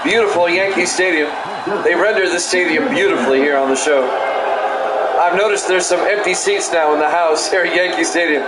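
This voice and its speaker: A man calling play-by-play of a simulated baseball game in a calm, soothing way, chatting with viewers between pitches, with no regional accent. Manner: calm, self-described soothing delivery with asides. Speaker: play-by-play announcer. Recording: echoey room with loud background noise.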